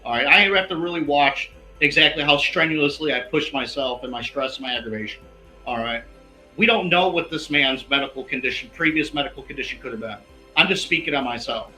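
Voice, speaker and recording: A man's voice: mid-range voice, brisk, sharp tone. A man speaking as an investigative guest in a heated interview, emphatic and peppering his points with "all right". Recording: echoey room with faint music.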